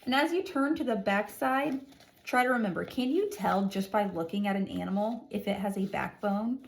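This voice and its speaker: A woman teacher reading a lesson aloud to young children, with an expressive, sing-song delivery and exaggerated emphasis. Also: medium pitch, moderate pace, creaky.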